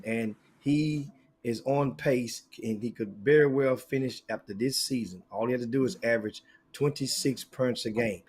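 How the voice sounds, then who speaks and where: A middle-aged man hosting a casual sports talk show, animated and folksy, often repeating himself mid-sentence. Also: medium pitch, normal speed, breathy edge.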